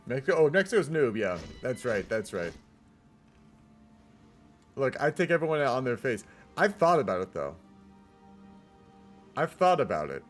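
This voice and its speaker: A laid-back man casually commentating a strategy game on stream. His voice sits at a middling pitch, and he rambles, swears and keeps calling everyone "man". Soft music plays underneath him. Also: big pitch swings, normal speed, long pauses.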